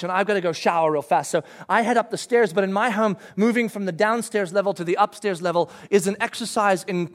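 A middle-aged man telling a family story to an audience, animated, bursting into shouted quotes. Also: high-pitched.

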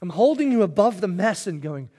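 A man voicing Jesus as a gentle, reassuring figure, his tone dropping to a hush. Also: high voice, big pitch swings, a little fast. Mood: tender.

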